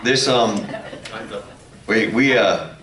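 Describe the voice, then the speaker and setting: Man, low voice, rambling self-mocking story, restarts, echoey convention hall. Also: lively intonation, extremely slow, pushed and bright. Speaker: former circus clown on a convention panel. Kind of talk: telling a funny anecdote to an audience. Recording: echoey hall, mic some distance off.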